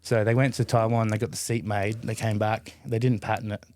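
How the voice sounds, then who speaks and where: A man in his forties with an Australian accent, a podcast guest telling stories in a relaxed, loose way, full of fillers and swearing. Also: on the low side, brisk, no room sound. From Adelaide, Australia. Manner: laid-back, heavy on fillers and swearing. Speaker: podcast guest, BMX rider. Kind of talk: casual storytelling.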